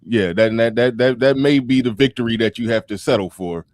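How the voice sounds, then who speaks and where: A man talking in a loose, animated podcast chat, laughing often and tripping over repeated words as he restarts. His voice sits at an ordinary middle pitch. The sound is dry and close, with no room around it. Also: a little fast, no echo. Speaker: podcast guest.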